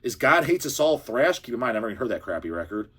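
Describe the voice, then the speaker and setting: Man, husky voice, lively swinging pitch, profane heated rant, casual monologue. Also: racing. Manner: profane, heated, animated ranting. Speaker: channel host. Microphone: handheld camera or phone.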